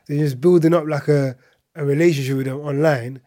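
Mellow-voiced man telling a story. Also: fairly high pitch, steady tone, a little fast. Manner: chatty, heavy on filler words and asides. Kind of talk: casual anecdote telling.

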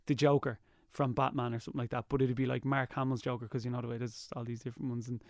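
A man's voice: medium pitch, level tone, quick pace, vocal fry, no room sound, clean studio sound. A man chatting as a radio guest, joking and slipping into cartoon impressions. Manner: jokey, slips into cartoon voices. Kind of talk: casual chat.

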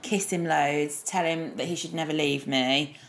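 Woman, late thirties, low deep voice, chatty, self-mocking podcast talk. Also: steady tone, normal speed. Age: late 30s. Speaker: podcast co-host, mother, former teacher. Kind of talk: casual chat.

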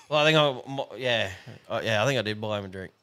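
A man's voice: fairly low pitch, moderate pace, sharp tone, clear, resonant tone. An Australian man co-hosting a podcast, telling crude pub stories with constant swearing and frequent laughter. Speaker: podcast co-host. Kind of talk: casual crude storytelling.

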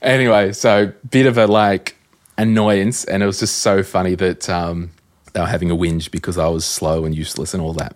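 An Australian man hosting a podcast, telling stories in a casual, animated way and acting out conversations. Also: deep voice, normal speed. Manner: animated storyteller, acts out quoted exchanges. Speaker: podcast host. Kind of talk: casual chat.

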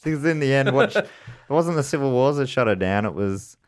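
A man hosting a casual podcast, explaining the topic in a relaxed way with fillers. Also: mid-range voice, quick pace. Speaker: podcast host. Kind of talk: casual chat.

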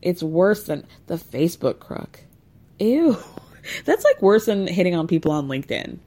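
A woman's voice: fairly low pitch, animated, moderate pace, a little mellow. Snarky chatty woman recapping TV. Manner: chatty and snarky, with many fillers and asides. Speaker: podcast host recapping a reality show. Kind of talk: casual chat.

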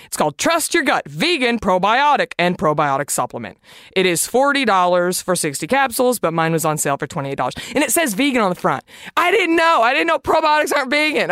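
Woman podcast host, casual solo chat, bright crisp voice, dry close sound, emphatic and chatty. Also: medium pitch, no echo. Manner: chatty, confessional, emphatic, swears freely.

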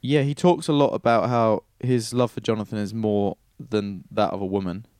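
A man with a fairly low voice, recorded close and dry with no room sound. He retells old stories in an offhand, irreverent way, swearing and sketching quick character voices. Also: steady tone, a little mellow, clear, resonant tone, no echo. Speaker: podcast co-host retelling Bible stories. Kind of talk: casual chat.

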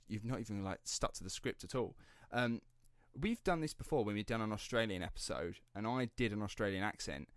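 Low-voiced man, rambling podcast host. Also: no room sound, clean studio sound. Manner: chatty, rambling, swears and laughs easily. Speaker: podcast host telling the story. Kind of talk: casual true-crime podcast chat.

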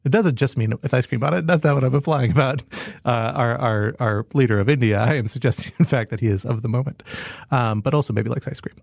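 A man's voice: mid-range voice, fast, vocal fry, no room sound. A man hosting a podcast in a studio, introducing topics with playful wordplay and frequent laughs. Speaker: podcast host.

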